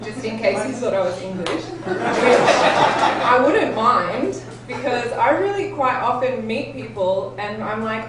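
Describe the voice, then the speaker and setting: A woman's voice: on the high side, animated, unhurried, heavy background noise. A woman in her thirties with an Australian accent, performing a stand-up comedy set with self-deprecating, giggly storytelling. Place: comedy club stage with live audience. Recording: echoey room, distant mic, loud ambience.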